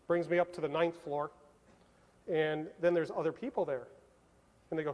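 Guy from southern california spinning a story on stage, higher voice, acts out the back-and-forth, big hall echo. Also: normal speed, pauses often. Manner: animated storyteller acting out dialogue with laughs. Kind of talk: storytelling talk. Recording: long reverb of a large hall.

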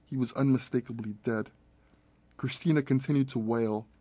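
A man reading a horror story aloud as narrator, in a steady, measured storytelling manner. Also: mid-range voice, no echo. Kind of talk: scripted audiobook narration.

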